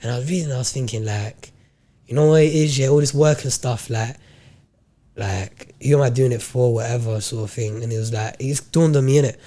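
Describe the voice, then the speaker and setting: A man's voice: medium pitch, fairly quick. A young man on a podcast telling a faith story in casual slang, acting out what he thought and said. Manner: animated and slangy, acts out his own quoted thoughts. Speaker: podcast co-host.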